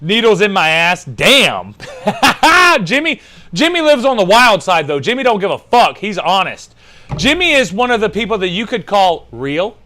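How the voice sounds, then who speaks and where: A young man from the United States hosting a casual podcast and reading out live chat, animated and swearing freely, with loud laughs. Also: high voice, unhurried. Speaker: podcast host.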